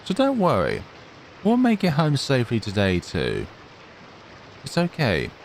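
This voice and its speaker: A man's voice: medium pitch, huge pitch swings, a little slow, creaky, slight background noise, pitched above the performer's own voice, full character voice, low-quality recording. A man reading the lines of a frightened young girl who pleads and calls for help in a horror game. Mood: reassuring.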